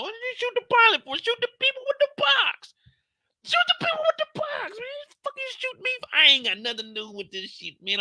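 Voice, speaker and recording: A man putting on a shrill, panicked wounded pilot. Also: sharp tone, full character voice. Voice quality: shrill, frantic, profane.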